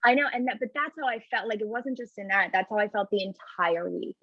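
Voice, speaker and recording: A woman therapist co-hosts a casual podcast, speaking candidly and reflectively and swearing now and then. Her voice has a gravelly fry to it. The remote recording is dry and a little dull and lo-fi. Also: mid-range voice, fairly quick, no room sound. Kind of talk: casual chat. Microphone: remote call recording.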